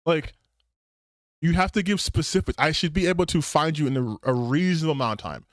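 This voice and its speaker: A man's voice: fairly high pitch, fairly quick, dry recording, studio quality. A man hosting a gaming channel, giving heated, sarcastic, profane reaction commentary on a video.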